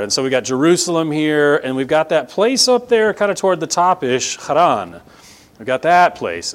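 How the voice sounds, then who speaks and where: Teaching scripture casually with a map, this Bible teacher speaks in a middle pitch. His style is conversational: he keeps checking in with the listener by asking "right?" and leans firmly on important words.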